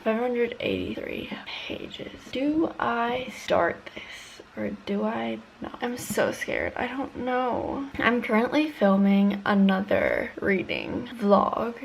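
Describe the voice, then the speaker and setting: A woman's voice: a little high, wildly swooping pitch, slow, creaky, few pauses, slight background noise. A young woman in her twenties chatting casually to camera about books in a reading vlog, full of fillers and self-deprecating asides, filmed at home. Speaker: book vlogger. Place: bedroom at home. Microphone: phone camera.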